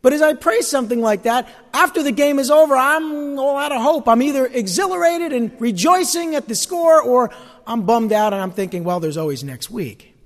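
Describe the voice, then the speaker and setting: Male pastor, high lively voice, church hall reverb, folksy preaching. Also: fairly quick. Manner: animated preaching, folksy asides. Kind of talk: sermon.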